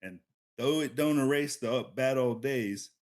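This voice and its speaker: A man doing a gravelly sly drifter. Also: medium pitch, normal speed, darkish tone, pitched above the performer's own voice, close to an everyday voice. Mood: wry.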